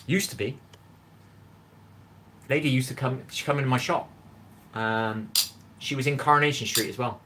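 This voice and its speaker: A man's voice: mid-range voice, normal speed, long pauses, pushed and bright, slight background noise. A middle-aged man from England with a Bristol accent, chatting with viewers on a live cooking stream in his home kitchen and reading out their messages. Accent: Bristol English. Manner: chatty, greets viewers by name, reads out chat.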